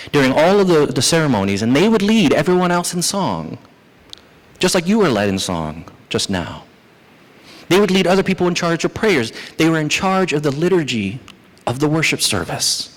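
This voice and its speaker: Man preaching in a reverberant church hall. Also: on the high side. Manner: animated preaching, acting out the psalmist's complaints. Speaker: pastor. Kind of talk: sermon. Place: church sanctuary.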